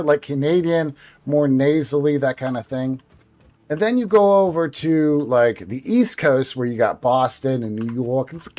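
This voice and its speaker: A man's voice: medium pitch, normal speed, darkish tone. A man streaming a game, chatting casually in a rambling way, with lots of fillers and some swearing.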